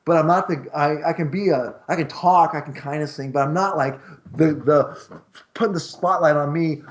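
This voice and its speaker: A man's voice: fairly high pitch, moderate pace, slight background noise. A man who hosts an internet radio talk show, chatting casually as the guest in a rambling, self-deprecating way and laughing often.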